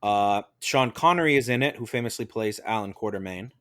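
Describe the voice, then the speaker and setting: A man's voice: on the low side, fairly quick, fairly bright tone. Guy hosting a podcast, cracks jokes, calls on everyone. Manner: joking, moves the talk along. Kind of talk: casual podcast chat.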